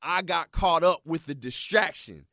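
A man in his thirties hosting a motivational radio talk show, telling stories in an animated, preachy way and calling his listeners y'all. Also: a little high, measured pace, no room sound, studio quality. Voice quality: animated storyteller, swings loud when excited.

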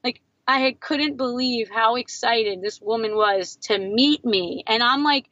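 A woman in her thirties, a guest on an interview podcast, telling her story in a lively way and acting out what others said. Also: measured pace, no room sound, lo-fi sound. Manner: animated, acts out quotes in a higher voice. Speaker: guest, entrepreneur.

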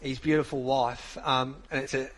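A man's voice: medium pitch, little pitch movement, normal speed. A male radio host thanking a guest and reading out a statement. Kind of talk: radio show hosting.

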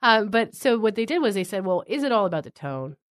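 A woman's voice: mid-range voice, big pitch swings, fairly quick, dry recording, studio quality. A woman hosting a science news podcast, asking curious questions in a conversational way. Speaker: podcast host.

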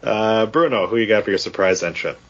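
Husky low-voiced man hosting a podcast. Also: brisk, a bit bright. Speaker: podcast host. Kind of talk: casual chat. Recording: dull lo-fi audio.

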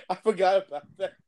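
A man telling stories in a casual podcast chat, laughing often. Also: high-pitched. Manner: animated storyteller, laughs a lot. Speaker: podcast guest.

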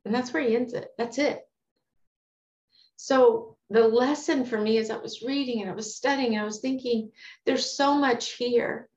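A woman teaches from a psalm in a candid, heartfelt, conversational way, weaving in quoted verses. Her voice sits a little high. The recording sounds roomy and echoey, with a dull, lo-fi tone. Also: steady tone, unhurried, a little mellow. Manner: earnest, candid and conversational, quoting scripture. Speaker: Bible teacher.

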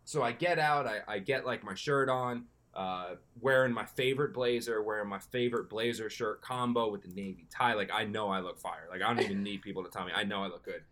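A young man casually telling a long, animated story as a podcast co-host, often slipping into excited quoted self-talk. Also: lowish voice, a little fast, few pauses.

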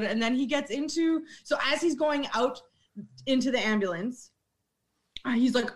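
A young adult woman with a slightly high voice tells bar stories in a casual chat. She is blunt and swears freely. She laughs through her stories and acts out the customers' lines. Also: measured pace, long pauses. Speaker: bartender.

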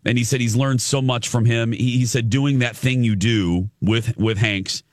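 A man's voice: medium pitch, steady tone, moderate pace, dry recording, studio quality. A man hosting an entertainment show, chatting casually and enthusiastically as he retells a celebrity encounter in a gushing, storytelling manner. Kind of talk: casual chat.

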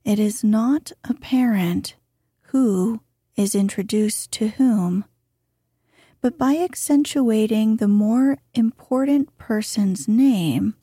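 A woman reads aloud in a soft, gentle bedtime voice with a breathy, husky edge. Her tone is mellow and she takes her time. The sound is close and dry. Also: on the high side, takes it slowly, dry recording. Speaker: reader. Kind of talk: calm bedtime reading of an old book.

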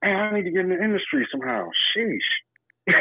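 A man talking in loose podcast chat, his voice jumping around with surprise and laughter. The sound is dry and squeezed thin, like a phone line. He sits a touch higher than most men. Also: gravelly, heavy background noise. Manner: animated, exclaims and laughs often, swears casually. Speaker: podcast co-host. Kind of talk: casual chat.

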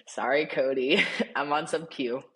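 A young man, a podcast guest, telling a story in casual chat, animated and laughing often, with lots of "like". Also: on the high side, slow pace, slight background noise. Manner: animated, laughing, heavy use of "like".

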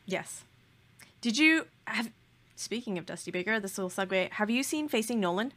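A woman's voice: medium pitch, expressive, moderate pace, fairly bright tone. Gushing, emphatic woman podcast co-host. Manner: gushing, emphatic, playful exaggeration. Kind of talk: casual chat.

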